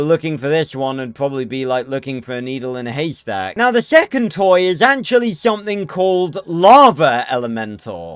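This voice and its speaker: A man talking casually to his viewers, chatty and quick with an opinion. His voice is high and smooth, close and dry. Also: no echo. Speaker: video host. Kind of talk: casual video commentary.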